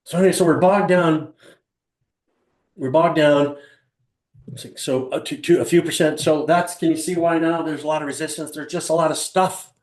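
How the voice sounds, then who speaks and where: At a moderate pace and fairly high pitch, an older man addresses a small room in a live motivational seminar, with the audio reverberant. He's an animated storyteller, questioning the audience, asking rhetorical questions, and imitating other people.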